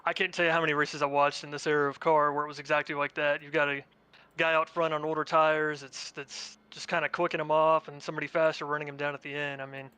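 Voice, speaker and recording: A man's voice: fairly high pitch, flat delivery, fast, sharp tone, clean tone, dry recording. A man who just won a sim race, recapping it in a rambling post-race interview full of fillers. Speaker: race winner, sim racing driver.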